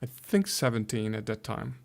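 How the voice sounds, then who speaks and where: A man's voice: on the low side, lively intonation, moderate pace, vocal fry. A man in his fifties from Hungary with a Hungarian accent, a pastor being interviewed who speaks carefully and often restarts while searching for English words. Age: 50s. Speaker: guest, pastor. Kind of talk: conversational interview.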